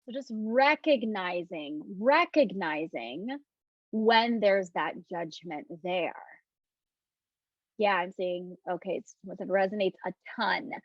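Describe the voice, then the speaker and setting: A woman hosting a casual live talk on self-love, speaking gently and reflectively and reading out viewer comments. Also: medium pitch, slow pace, no room sound, dull audio. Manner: gentle, reflective, often mimics questioning tones.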